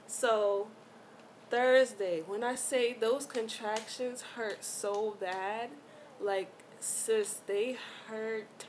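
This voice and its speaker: A woman vlogger telling a personal story in a chatty, animated way, full of slang and fillers. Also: medium pitch, drawn-out words, a little hiss or hum. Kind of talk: casual storytime chat.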